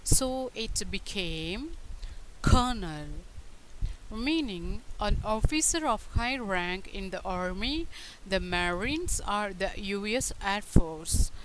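A woman giving a scripted pronunciation lesson, saying each word slowly and deliberately. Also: medium pitch, expressive, a bit bright, a little hiss or hum, low-quality recording. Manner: slow, deliberate word-by-word delivery. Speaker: pronunciation tutor.

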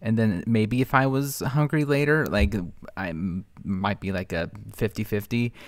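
A man's voice: lowish voice, a little slow, no echo. A man hosting a reaction channel, talking in a blunt, sarcastic, scolding way. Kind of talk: reaction commentary.

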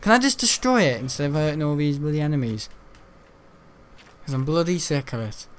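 His voice leans high, swings widely in pitch, and moves a little fast. He's a young British gaming host rambling casually from his bedroom, full of jokes, frequent laughter, and free swearing.

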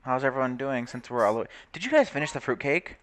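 Young adult male let's-play host. Lively, blunt and sweary, with a pitch that swings widely. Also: fast. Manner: animated, chatty and blunt, swears freely. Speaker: gaming channel host. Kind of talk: casual gameplay commentary.

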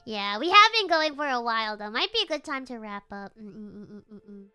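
Bright, high-voiced playful woman streamer. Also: very animated, brisk, clean tone. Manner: playful, giggly, teasing. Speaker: streamer host. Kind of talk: casual chat on a livestream.

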